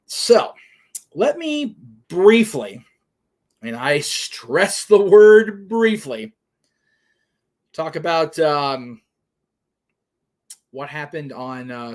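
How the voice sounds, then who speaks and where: A middle-aged man hosting a casual live stream from his home office, rambling with many fillers and turning blunt and indignant. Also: medium pitch. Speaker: host.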